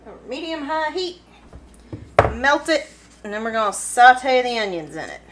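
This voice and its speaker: A woman's voice: on the high side, lively intonation, moderate pace, background noise. Chatty Kentucky woman cooking at home. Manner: chatty and giggly, talking while she cooks. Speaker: cooking vlogger. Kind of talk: casual cooking vlog. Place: home kitchen.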